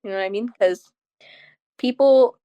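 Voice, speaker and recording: A woman's voice: a little high, no echo, highs cut off. Chatty young woman telling stories animatedly. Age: young adult. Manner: chatty, animated storytelling with quick asides. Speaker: guest's daughter. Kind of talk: casual interview chat.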